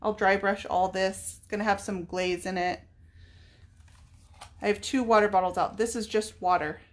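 A woman's voice: medium pitch, fairly even intonation, moderate pace. Chatty woman painting furniture on camera. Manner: chatty, thinks aloud while working. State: tearful at times. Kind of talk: casual live painting demo.

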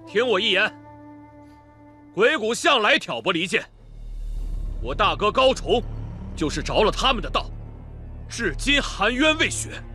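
An actor playing a self-righteous martial alliance leader, making a rousing, accusatory speech in a period martial-arts drama. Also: male voice, high-pitched, very animated, measured pace, pauses often, pushed and bright, heavily acted. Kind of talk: period wuxia drama dialogue. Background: drama score music.

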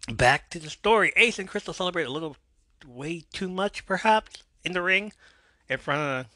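A man's voice: high-pitched, animated, normal speed, pushed and bright, no echo. A man hosting a podcast, casually recapping a TV episode with wry asides. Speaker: podcast host.

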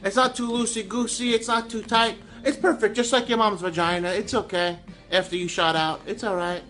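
High-voiced joking man in an echoey kitchen. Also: fairly even intonation, normal speed, a bit bright, recorded from a distance. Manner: joking, rambling, crude banter with viewers. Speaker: home cooking video host. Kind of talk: casual cooking vlog. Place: home kitchen. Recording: echoey room, from the camera, faint music. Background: music playing in the home.

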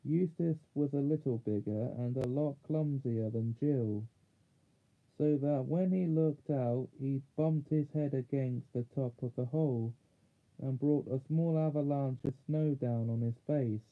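A man reading a children's fantasy chapter book aloud in a measured way, now and then correcting small slips. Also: mid-range voice. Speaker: audiobook reader. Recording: tinny phone-like sound.

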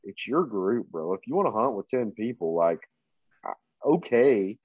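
Low-voiced guide in casual chat. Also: male voice, moderate pace, breathy edge, no echo. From Kansas. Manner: relaxed, plain-spoken, many fillers. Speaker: outfitter and hunting guide. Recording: dry, slightly dull podcast mic.

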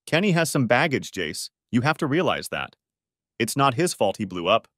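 A man voicing a thoughtful young woman who calmly reasons with her fiancé, in a story audiobook. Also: mid-range voice, moderate pace, no room sound, studio quality. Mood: soothing.

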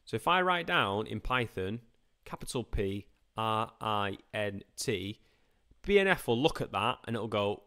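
A man teaching a live-streamed computer science revision lesson, chatty and informal, often asking and answering his own questions. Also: on the low side. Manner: lively, playful put-on voices and quick asides.

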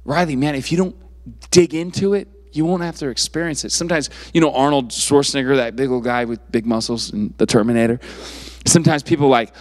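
A man's voice: mid-range voice, fairly quick, long reverb tail. A young man preaching to a youth group in a casual, conversational way, full of fillers and restarts. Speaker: youth pastor. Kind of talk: youth sermon.

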